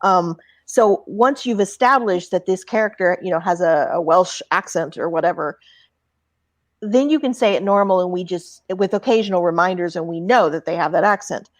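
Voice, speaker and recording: A woman's voice: lowish voice, moderate pace, no room sound. A woman from Texas speaking as an author on a live panel, explaining with confidence.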